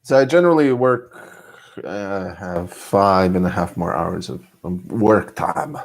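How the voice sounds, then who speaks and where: A man's voice: low-pitched, measured pace, creaky. A man from Serbia, chatting casually on a live stream, joking and laughing often between lines.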